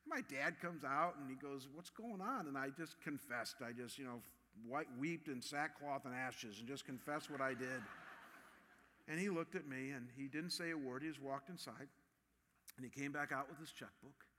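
A man in his fifties from Ohio, preaching a sermon with animated, personal storytelling. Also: mid-range voice, moderate pace, big-room sound. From Ohio, USA. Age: 50s. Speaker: pastor.

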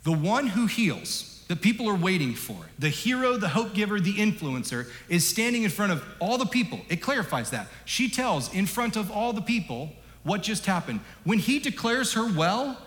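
A male pastor delivers an emphatic, animated sermon in a slightly high voice. His words bounce around a large church hall. A long tail of reverb follows each phrase. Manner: animated, emphatic, varies loudness.

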